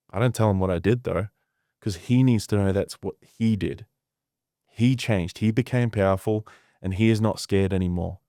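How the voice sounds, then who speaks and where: Intense male coach with a lowish voice, emphatic and profane, telling stories on a podcast. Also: a little mellow, no room sound, clean studio sound. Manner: intense, emphatic, heavy swearing. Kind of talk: conversational podcast storytelling.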